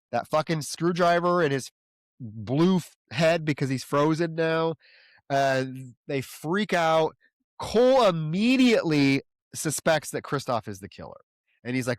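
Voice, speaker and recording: A man's voice: a little high, animated, a little slow, no room sound. A man co-hosting a horror movie podcast, rambling through a plot recap and tossing off the characters' lines. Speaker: podcast co-host.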